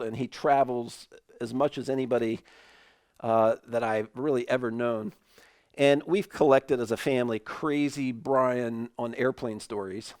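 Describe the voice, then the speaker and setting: A man preaching an online sermon in a relaxed, conversational way, telling a family story with animated asides. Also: mid-range voice, no echo, clean studio sound. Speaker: pastor.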